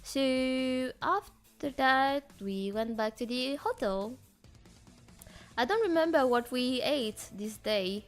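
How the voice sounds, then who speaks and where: A woman with a French accent, a streamer telling stories in casual chat with hesitant fillers and animated delivery. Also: high-pitched, takes it slowly, soft background music. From France. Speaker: VTuber streamer.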